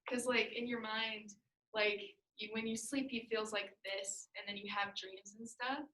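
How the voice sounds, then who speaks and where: A woman's voice: medium pitch, fairly even intonation, measured pace, sharp tone, poor audio. A teenage girl student answering in a class discussion, hesitant and searching for words.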